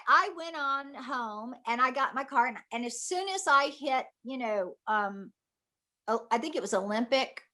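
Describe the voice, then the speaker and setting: A woman's voice: a little high, sharp tone. A middle-aged actress telling a story in an interview, acting out her own past voice and reactions. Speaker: guest actress.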